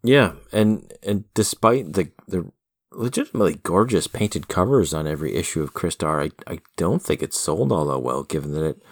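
A man's voice: low voice, moderate pace, no echo, clean studio sound. A man co-hosting a comic book podcast, chatting casually in a wry way and laughing often. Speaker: podcast co-host. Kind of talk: casual chat.

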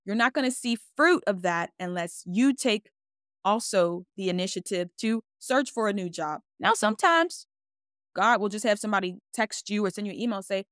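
A woman's voice: mid-range voice, expressive, normal speed, fairly bright tone, dry recording, clean studio sound. A woman hosting a faith podcast, speaking casually and expressively and acting out her own quoted words. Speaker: podcast host.

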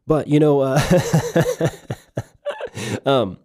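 Male podcast host, mellow tone, rambling casual talk, dry close sound. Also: fairly high pitch, drawn-out words, dry recording. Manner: rambling, repeats words and restarts. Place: lives in Missouri.

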